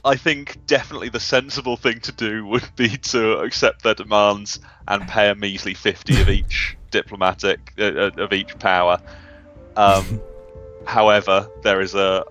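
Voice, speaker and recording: A man's voice: on the low side, level tone, normal speed, a bit bright. Man, casual gamer, talks it through thoughtfully; muffled voice chat, faint music behind. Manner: thoughtful, reasons things through at length.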